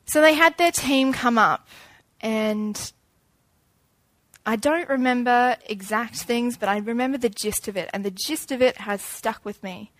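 A young woman gives an informal sermon, chatty and animated, acting out little scenes as she goes. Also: fairly high pitch, measured pace, dry recording.

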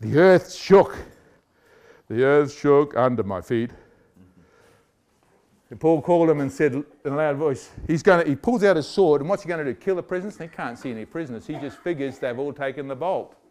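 Male preacher, sermon, animated storytelling, rhetorical questions, high voice. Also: fast talker, few pauses.

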